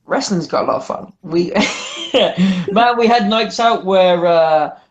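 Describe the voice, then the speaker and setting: Animated man telling wild anecdotes. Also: high voice, slow, muffled recording, a little hiss or hum. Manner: animated storyteller, repeats himself, lots of "man" and "like". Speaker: wrestler guest.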